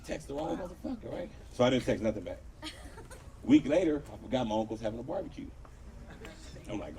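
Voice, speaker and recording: A man's voice: mid-range voice, very animated, a little fast, long pauses, mellow, recorded from a distance. A man doing a crude stand-up comedy set at an outdoor show, telling stories with voiced quotes and talking to the crowd. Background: crowd laughing.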